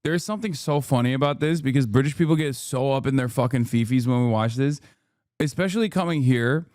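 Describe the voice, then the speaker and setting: A man's voice: mid-range voice, a little fast, a little mellow, dry recording, studio quality. A man hosting a livestream, reacting to a video with mocking, profane rants. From United States. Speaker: livestream host.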